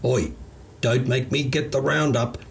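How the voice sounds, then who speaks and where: A man's voice: mid-range voice, steady tone, a little slow, creaky, a little hiss or hum, pitched above the performer's own voice. A man voicing an easygoing, unflappable Australian gardener with a drawling, slangy way of talking. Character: laid-back Australian gardener, unflappable bloke.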